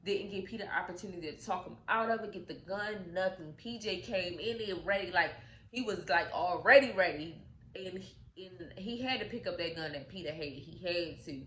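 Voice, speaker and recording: A woman telling a movie's story in a casual, animated, profane way, acting out the characters' lines. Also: on the low side, moderate pace. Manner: animated, profane, acts out quotes. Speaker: storytime vlogger. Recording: echoey room with faint noise.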